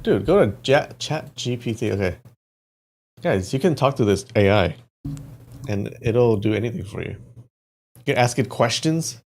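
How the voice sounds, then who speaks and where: A man's voice: mid-range voice, lively intonation, moderate pace, vocal fry, pauses often. A man hosting a casual livestream, chatting to his viewers while he types, with restarts and muttered asides. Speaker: livestream host.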